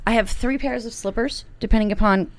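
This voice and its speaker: A woman co-hosting a podcast in casual chat, with a voice that sits a little high. She is playful, laughs often and slips into mock-grand phrasing. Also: fairly quick. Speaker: podcast co-host.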